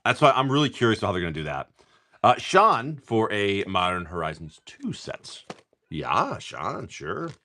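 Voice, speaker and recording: Male live-stream host, casual and profane, bright and animated delivery. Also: lowish voice, a little slow, a little hiss or hum. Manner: upbeat, swears casually, greets viewers by name. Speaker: live-stream host opening card packs.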